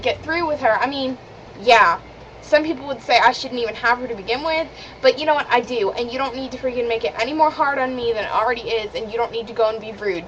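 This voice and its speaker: A woman's voice: a little high, fairly bright tone. Chatty indignant teen girl on webcam. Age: teens. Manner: chatty, indignant, many "like" fillers. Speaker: vlogger. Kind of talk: casual chat to camera. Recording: dull lo-fi webcam audio with clear background hiss.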